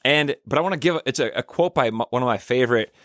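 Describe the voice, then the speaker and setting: A man's voice: medium pitch, quick pace, a bit bright, no echo, clean studio sound. A man hosting a church podcast, talking in a casual, earnest way and telling stories with frequent restarts. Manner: rambling, earnest, storytelling with restarts. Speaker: podcast host, church minister. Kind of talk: casual reflective podcast monologue.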